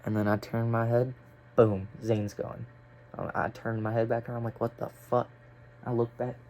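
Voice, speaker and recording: A man's voice: mid-range voice, level tone, moderate pace, a little mellow, slight background noise. A young man telling a story casually, rambling and swearing with lots of fillers. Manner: rambling, profane, filler-heavy.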